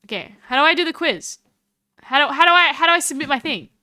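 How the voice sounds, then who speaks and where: A high-voiced woman chats casually on her live stream. She is animated, laughing often and tripping over her words. Her voice sounds bright and dry, with no room around it. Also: quick pace, dry recording. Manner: chatty and animated, with frequent laughs and restarts.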